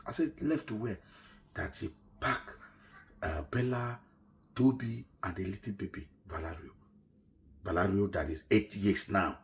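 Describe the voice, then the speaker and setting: A middle-aged man with a Nigerian English accent tells a personal story, swinging from loud quoted lines down to near-whispers. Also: low-pitched, vocal fry, a little hiss or hum. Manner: animated retelling, shouts quoted lines then drops to a near-whisper.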